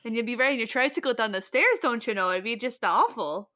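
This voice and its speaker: A fussy, dramatic homemaker with a put-on Minnesota accent, done by a woman. The voice is bright, lively and fretful. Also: a little high, quick pace. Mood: fretting.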